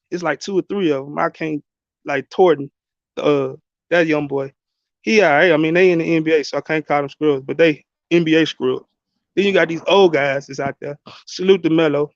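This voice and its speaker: A man with a fairly high voice rants bluntly about sports, talking straight to his viewers. The sound is dry and a bit dull, like a lo-fi home setup. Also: no echo. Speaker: sports channel host. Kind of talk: casual sports rant.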